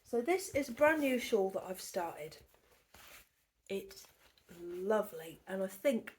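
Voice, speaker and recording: A woman's voice: medium pitch, expressive, slow pace, pauses often, darkish tone. A woman hosting a knitting podcast from her living room at home, in a chatty, rambling show-and-tell that often drops to a near whisper. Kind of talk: casual show-and-tell chat.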